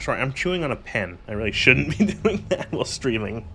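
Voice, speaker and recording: A man's voice: medium pitch, animated, fast talker, hardly any pauses, bright, forceful tone, slight background noise. A young man streaming a video game, ranting and swearing in exasperation. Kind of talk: casual game commentary.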